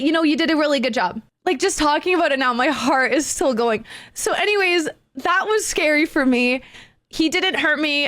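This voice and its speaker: High, lively woman streamer telling a story. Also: brisk, no echo. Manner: excitable, animated retelling with gamer slang. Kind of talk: casual storytelling to chat.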